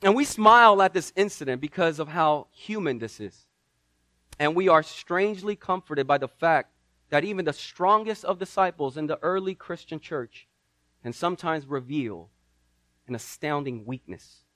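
High-voiced man preaching a dramatic sermon. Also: expressive, moderate pace, fairly bright tone, no room sound. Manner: dramatic, acts out the story's voices. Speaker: pastor.

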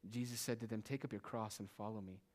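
A male pastor preaching a sermon in a church, swinging between quiet, hushed lines and raised, emphatic ones. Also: lowish voice, fairly even intonation, fast talker.

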